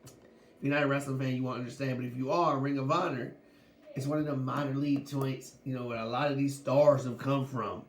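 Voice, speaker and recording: A man's voice: mid-range voice, fairly even intonation, a little fast, reverberant, a little hiss or hum. A man hosting a sports podcast, talking casually with lots of slang and laughing as he goes. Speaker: podcast host.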